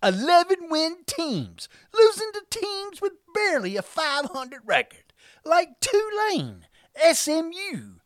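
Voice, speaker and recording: A woman's voice: extremely high pitch, wildly swooping pitch, slow pace, no echo, studio quality. A woman hosting a sports picks podcast, narrating her script with a playful, exaggerated delivery. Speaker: podcast host.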